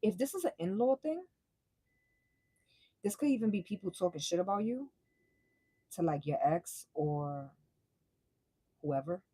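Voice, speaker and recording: A young woman giving a casual live tarot reading, blunt and profane, full of slang and quick laughs. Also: on the low side, lively intonation, warm tone, breathy edge, no echo, rough recording. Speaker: tarot reader.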